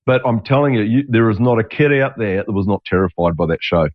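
Talking fast in a lowish, animated voice, this Australian podcast host in his sixties wanders off on tangents, restarts sentences and swears now and then. The recording is dull and lo-fi.

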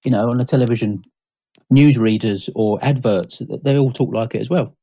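A man's voice: medium pitch, normal speed, dark tone, breathy edge, no echo, muffled recording. A man in casual chat, agreeing readily, with stuttering restarts.

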